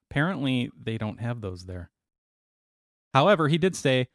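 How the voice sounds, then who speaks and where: A man's voice: mid-range voice, sing-song, measured pace, pauses often, fairly bright tone, dry recording, clean studio sound. A man co-hosting a podcast, reading out a news story in casual chat with wry asides and laughs. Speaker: podcast co-host.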